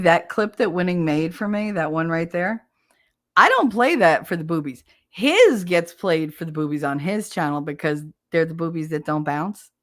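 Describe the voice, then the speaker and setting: A middle-aged woman with a New Jersey accent, chatting casually on a livestream, laughing often and swearing freely. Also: on the low side. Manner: loud, laughing, profane storytelling. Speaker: livestream host.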